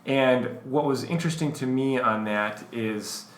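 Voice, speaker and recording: A man's voice: mid-range voice, measured pace, roomy sound, a little hiss or hum. A man co-hosting a podcast in casual chat, rambling with lots of fillers. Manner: relaxed, rambling, filler-heavy. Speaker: podcast co-host.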